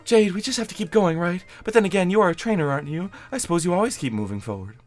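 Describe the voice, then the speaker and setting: A man voicing a calm, formal young woman who leads the way. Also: sits high, fast talker, faint music behind, pitched above the performer's own voice. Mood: steady.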